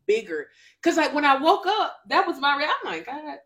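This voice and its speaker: Animated woman co-hosting a faith chat. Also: sits high. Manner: animated, testifying, quick interjections. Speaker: podcast co-host.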